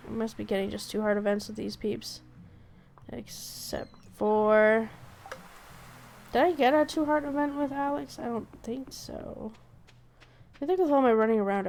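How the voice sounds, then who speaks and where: A woman streamer giving casual, excitable commentary as she plays a game, talking to herself. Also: a little high, moderate pace, creaky, slight background noise. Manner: chatty, excitable, talks to herself. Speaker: gaming streamer. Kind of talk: casual let's play commentary.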